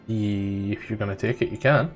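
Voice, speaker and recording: A Scottish man narrating and ruling as game master, easygoing, with fillers and throat clearing. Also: on the low side, moderate pace, soft background music.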